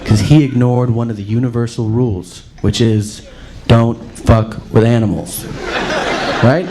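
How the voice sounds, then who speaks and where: A man doing a loud, profane stand-up routine with mock outrage. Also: mid-range voice, steady tone, a little slow, a faint crowd, a little hiss or hum. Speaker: stand-up comedian.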